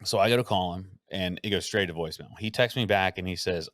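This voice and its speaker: A man hosting a podcast who tells a story in a casual, animated way, acting out the quotes and swearing freely. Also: deep voice, quick pace, no room sound, studio quality. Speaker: podcast host.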